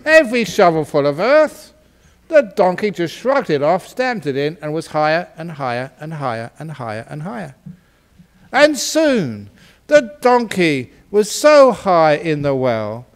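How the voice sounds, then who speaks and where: Man, Buddhist teacher, storytelling, playful and lively, unhurried delivery. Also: a little high. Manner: playful and animated, laughing often. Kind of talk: storytelling in a dharma talk.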